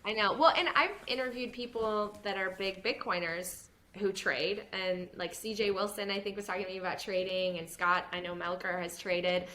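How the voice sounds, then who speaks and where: Bright-voiced woman chatting animatedly. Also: mid-range voice, moderate pace, hardly any pauses. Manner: animated, laughs often, mimics others in quotes. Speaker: podcast host, former news reporter. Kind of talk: casual interview chat.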